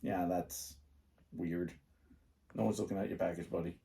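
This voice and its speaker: A man's voice: low voice, fairly even intonation, normal speed, vocal fry, mellow. A middle-aged man co-hosting a podcast, chatting casually and rambling through his stories with lots of fillers. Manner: rambling, filler-heavy storytelling. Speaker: podcast co-host. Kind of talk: casual chat.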